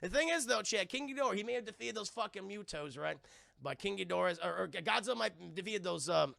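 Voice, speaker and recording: Excitable profane gravelly-voiced man. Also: sits high, fast talker, no echo. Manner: excitable, profane, acts out scenes. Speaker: streamer and film reviewer. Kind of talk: live-stream film review talking to chat.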